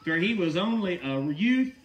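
A man's voice: high voice, big pitch swings, moderate pace, echoey room, recorded from a distance, dull audio. A man preaching a sermon in an emphatic, folksy way, often asking the listeners rhetorical questions.

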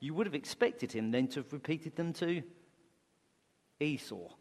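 A man's voice: fairly high pitch, animated, unhurried, darkish tone. A man preaching a sermon as pastor, conversational, asking rhetorical questions. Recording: long hall reverb.

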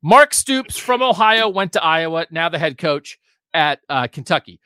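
A man's voice: on the high side, lively intonation, normal speed, sharp tone, clean tone, dry recording, clean studio sound. A man co-hosting a sports podcast, giving emphatic, opinionated talk with sarcastic asides.

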